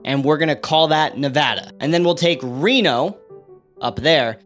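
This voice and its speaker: A young man giving a sarcastic, animated comedic commentary over a map, with big jumps in pitch for emphasis. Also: normal speed, soft background music. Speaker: online creator.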